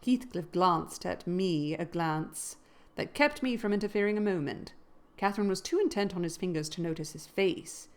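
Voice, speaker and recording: A woman reading a classic novel aloud in a measured narrating voice that grows louder at dramatic moments. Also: mid-range voice. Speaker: reader.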